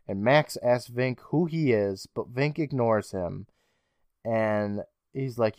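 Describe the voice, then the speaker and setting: A man's voice: medium pitch, lively intonation, unhurried, clear, resonant tone, no room sound. Dry-sounding man recapping with profane wit. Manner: profane, wry storytelling. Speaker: podcast co-host. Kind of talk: casual episode recap.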